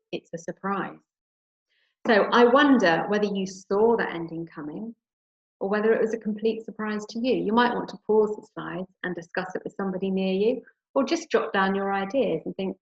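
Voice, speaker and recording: A teacher with an English accent reads a story aloud to her class, then talks it through in a gentle, encouraging way. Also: medium pitch, vocal fry. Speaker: primary school teacher. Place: home room. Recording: roomy, dull home recording.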